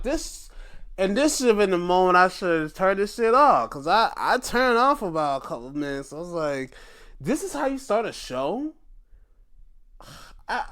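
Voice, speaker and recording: A man's voice: sits high, fairly bright tone. A man hosting a casual, profane wrestling recap, acting out scenes in different voices. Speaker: show host.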